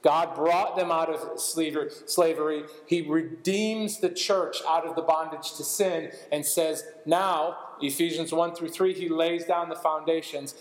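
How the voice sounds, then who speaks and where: A pastor with a slightly high voice preaches a sermon, reading scripture passages aloud in an expository way and adding light asides. He speaks unhurriedly with fairly even intonation and few pauses, in a large hall that sounds roomy, and the recording is rough.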